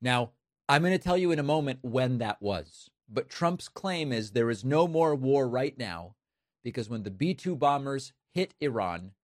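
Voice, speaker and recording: A man in the middle pitch range delivers opinion commentary with emphatic, sardonic punch. His voice is recorded close and completely dry, with no room sound at all. He counts off his points deliberately. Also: animated, no room sound. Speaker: political commentary host.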